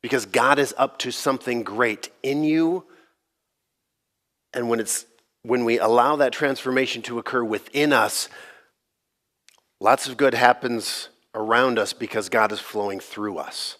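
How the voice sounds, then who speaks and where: A man, a pastor, giving a sermon in a casual, joking, conversational way, his voice slightly gravelly from allergies. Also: mid-range voice, measured pace, fairly bright tone.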